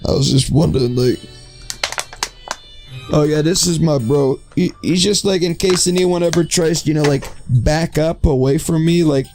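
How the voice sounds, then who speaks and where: Male streamer, fairly high creaky voice, rambling joker who says bro constantly; faint music underneath. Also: moderate pace, darkish tone. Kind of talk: casual livestream chat in a social game.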